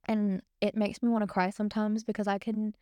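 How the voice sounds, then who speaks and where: A woman's voice: mid-range voice, level tone, fairly quick, a little mellow, no echo. A young woman co-hosting a podcast, casually and emotionally retelling a frightening night. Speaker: podcast co-host. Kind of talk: casual storytelling.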